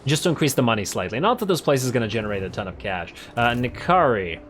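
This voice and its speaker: A man of middle pitch talks through his strategy game turns, thinking aloud and correcting himself. He is excitable and quick to laugh. A faint noise sits under the voice. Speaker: let's play host. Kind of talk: casual gameplay commentary.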